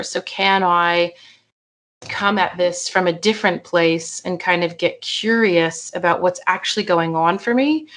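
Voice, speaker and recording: A middle-aged woman psychotherapist talking casually as a podcast guest, animated and chatty, acting out quoted voices and often saying "like" and "right?". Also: fairly low pitch. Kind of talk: casual interview chat.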